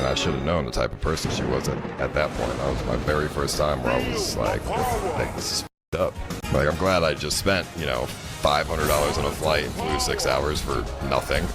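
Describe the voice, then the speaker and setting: A man telling a personal story in a casual, rambling way, frustrated and full of filler words. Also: rumbling low.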